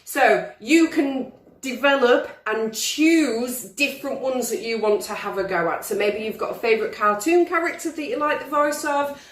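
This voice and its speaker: A woman's voice: a little high, lively intonation, normal speed, far from the mic. A young woman teaching a drama lesson to pupils on video, encouraging them and demonstrating different voices. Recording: roomy, from the mic.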